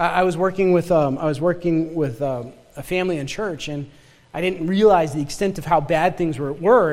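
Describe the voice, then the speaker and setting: Emphatic Yooper-accented pastor in a reverberant hall. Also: male voice, on the high side, darkish tone. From northern Michigan. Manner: emphatic preaching with rhetorical questions and repeated words. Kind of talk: sermon.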